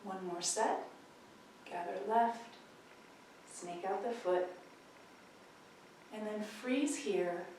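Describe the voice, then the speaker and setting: A woman teacher gently talks students through slow tai chi movements, her calm cues spaced out with pauses. Her voice sits in a mid range and sounds a little distant from the mic, with strong room echo around it and a faint hum of ambience behind. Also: medium pitch. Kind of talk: guided movement instruction.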